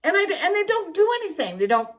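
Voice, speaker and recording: A middle-aged woman co-hosting a podcast, telling a story in casual chat, swearing freely and loudly acting out what was said. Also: very high-pitched, quick pace. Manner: animated, profane, acts out quotes loudly. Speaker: podcast co-host.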